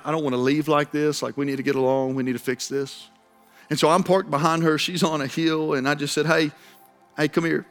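A man's voice: fairly high pitch, fairly bright tone. Storytelling young man preaching a sermon. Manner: storytelling, building to impassioned preaching. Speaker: pastor.

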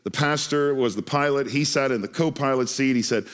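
A man's voice: medium pitch, a little fast, a bit bright, clean tone. A male preacher telling a story in a sermon, earnest and often repeating words as he starts a phrase.

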